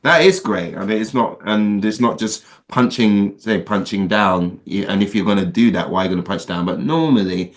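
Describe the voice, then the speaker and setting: A man speaking as an actor on a podcast, his voice sitting fairly low. He works through his argument thoughtfully, and his pitch leaps up when he wants to stress a point. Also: fairly quick, hardly any pauses. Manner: thoughtful, builds arguments, rises sharply on emphasis. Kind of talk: casual interview conversation.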